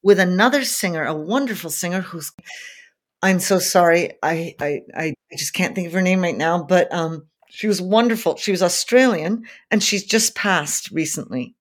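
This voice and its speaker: A woman with a raspy, soulful voice, chatting casually as a guest singer and telling stories in an animated way with quick restarts. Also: lowish voice. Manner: animated storyteller, frequent restarts and laughs. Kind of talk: casual interview chat.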